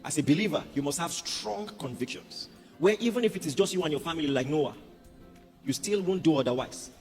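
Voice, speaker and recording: A man preaching a sermon as a pastor, animated and humorous. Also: on the high side, brisk. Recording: reverberant hall with music behind.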